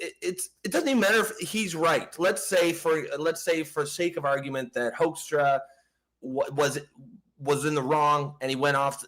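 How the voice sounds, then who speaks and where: A man's voice: fairly high pitch, fairly bright tone. A man hosting a casual political talk show, stammering and swearing as he argues, laughing often. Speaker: podcast host.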